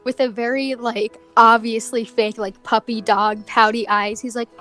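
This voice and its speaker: A woman's voice: fairly high pitch, little pitch movement, normal speed, fairly bright tone, faint music behind. A woman playing a tabletop game, describing her character's actions in a hesitant way with many fillers and giggles. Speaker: player.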